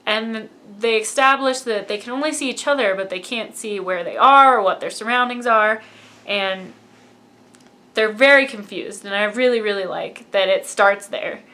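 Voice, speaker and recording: A woman's voice: mid-range voice, normal speed, sharp tone. A woman giving a casual, gushing fan review of a film and acting out lines from it. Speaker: movie reviewer.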